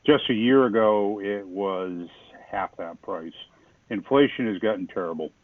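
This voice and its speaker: A man's voice: on the low side, measured pace, no room sound. A man hosting a home remodeling video, explaining the work in a folksy, self-deprecating way. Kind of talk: casual how-to narration. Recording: tinny, phone-like dry sound.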